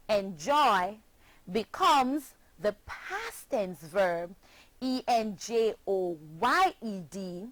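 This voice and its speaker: A woman's voice: on the high side, a bit bright, no echo, low-quality recording. A woman with a Jamaican accent teaching a scripted phonics lesson, spelling words out letter by letter.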